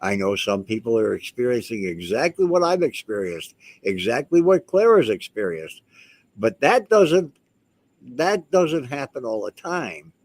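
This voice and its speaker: A man's voice: mid-range voice, very animated, moderate pace, few pauses, darkish tone, no echo. A man talking casually to the camera as a vlogger, rambling and emphatic, often restarting his sentences. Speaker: house owner and vlogger.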